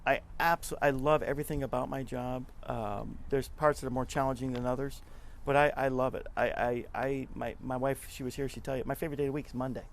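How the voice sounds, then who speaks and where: A middle-aged man, a nonprofit club leader, giving a casual interview and telling stories in a lively way, often acting out what people said. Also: medium pitch, fast, gravelly, few pauses. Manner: chatty, animated storyteller who acts out quotes.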